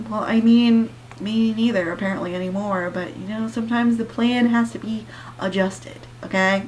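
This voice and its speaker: A woman's voice: mid-range voice, steady tone, normal speed, darkish tone, slight background noise. A woman reviewing a book in a sarcastic, profane rant, reading passages aloud between her comments.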